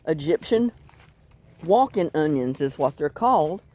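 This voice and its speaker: A woman's voice: on the low side, measured pace, pauses often, slight background noise. A woman chatting casually in a home cooking and gardening vlog, savoring her food with little murmurs.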